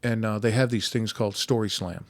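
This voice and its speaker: A podcast host conducts a casual conversational interview, telling stories with lots of restarts and casual swearing. His voice is lowish and fairly even in intonation, fairly quick, and recorded dry.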